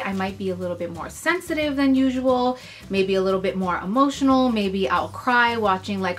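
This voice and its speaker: Chatty young woman vlogging. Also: medium pitch. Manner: chatty, animated storytelling with many fillers. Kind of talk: casual chat to camera.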